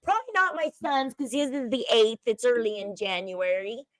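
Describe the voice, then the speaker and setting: A woman's voice: on the high side, moderate pace, no echo, low-quality recording. A woman hosting a casual livestream, giving opinions and chatting with viewers. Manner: chatty, opinionated, reads chat aloud. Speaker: livestream host. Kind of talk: casual commentary chat.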